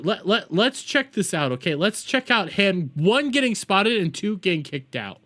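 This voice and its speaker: A man's voice: high-pitched, big pitch swings, measured pace, few pauses, a bit bright, soft background music. A young man casually reacting to clips on a stream, crude and swearing, repeating his words as he goes.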